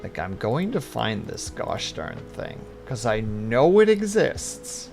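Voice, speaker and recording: Gravelly, lively male streamer. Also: medium pitch, takes it slowly, faint music behind. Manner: rambling, talks to chat. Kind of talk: casual live-stream chat.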